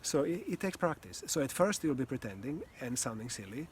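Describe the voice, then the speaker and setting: Man, voice coach, calm and earnest, unhurried reflective delivery, faint hiss behind. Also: mid-range voice. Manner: calm, earnest, slow with pauses, occasional sighs and soft laughs. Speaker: communication and voice coach. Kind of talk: reflective teaching talk.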